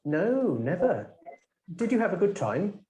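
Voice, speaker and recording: A woman playing a friendly speaker in a scripted textbook dialogue, speaking clearly and deliberately. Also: medium pitch, very animated, dark tone, echoey room, a little hiss or hum.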